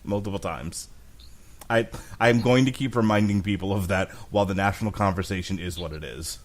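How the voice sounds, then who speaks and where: A man's voice: fairly low pitch, steady tone, fast. A middle-aged man guesting on a podcast, making dry asides and retelling comedy bits in casual banter. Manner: dry asides, breaks into laughter.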